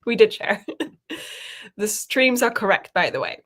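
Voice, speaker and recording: A woman chatting on a live stream over a video call, medium-pitched and easygoing. She laughs often and reads viewers' comments aloud between remarks. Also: sing-song, unhurried, fairly bright tone. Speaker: co-host of writing sprint stream. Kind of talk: casual chat.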